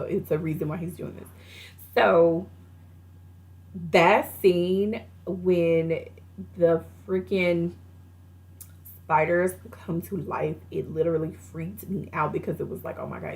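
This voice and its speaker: A young woman casually reviewing a movie, retelling scenes in a chatty way with lots of fillers and laughter. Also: sits low.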